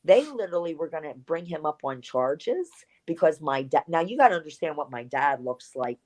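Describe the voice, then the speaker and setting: Low-voiced woman telling a lively story. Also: normal speed, rough recording. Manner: animated storyteller who acts out quoted dialogue and swears casually. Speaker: interview guest, former wrestler. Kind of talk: casual interview storytelling.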